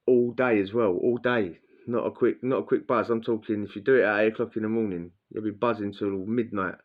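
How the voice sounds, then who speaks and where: A man's voice: lowish voice, steady tone, a little fast. A man telling a blunt, crude prison story in casual slang, acting out what people said. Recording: dull lo-fi sound.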